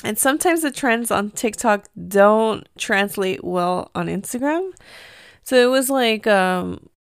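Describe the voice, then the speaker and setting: A woman's voice: a little high, expressive, slow pace, clean tone, no echo, clean studio sound. A woman in her thirties hosting her own podcast, talking candidly and casually with lots of "like". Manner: candid, chatty, heavy use of "like". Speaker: podcast host. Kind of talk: casual chat.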